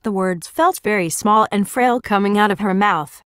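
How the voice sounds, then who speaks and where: A woman's voice: medium pitch, normal speed, fairly bright tone, smooth, no room sound. Woman narrating an audiobook, dry sound. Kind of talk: audiobook reading.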